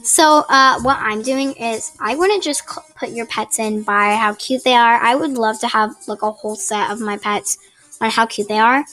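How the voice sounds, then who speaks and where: A woman with a fairly high, sharp-toned voice and a moderate pace offers casual gameplay tips for her gaming channel. She rambles and chats, apologizing along the way, recorded on a built-in laptop mic at her home desk lit by a ring light.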